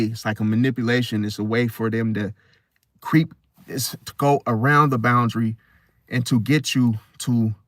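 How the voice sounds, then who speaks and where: A man's voice: medium pitch, no echo, studio quality. A male channel host giving an emphatic casual monologue, repeating phrases and asking "See?".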